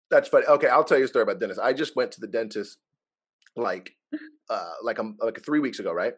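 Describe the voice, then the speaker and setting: A young man in casual chat, telling animated stories and acting out what people said, laughing often. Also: medium pitch, moderate pace, long pauses, slightly rough. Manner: animated storyteller, acts out quotes, laughs often.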